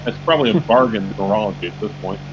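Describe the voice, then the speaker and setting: A man co-hosting a casual chat with quick, dry, wry remarks. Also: on the low side, animated, lo-fi sound, a loud crowd. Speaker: co-host. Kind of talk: casual banter.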